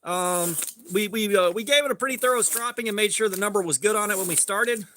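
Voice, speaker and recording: A man streams live while sharpening, telling a rambling story in a laid-back way and greeting chat along the way. His voice sits high and sounds bright and forceful, and he talks briskly. There's slight background noise.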